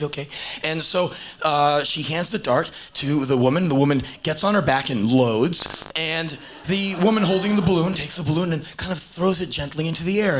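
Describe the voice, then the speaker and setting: A man in his thirties doing a blunt, punchy stand-up monologue on stage, swinging into acted voices, on a hissy live tape. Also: a little high. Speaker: stand-up performer. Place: stage in a large venue.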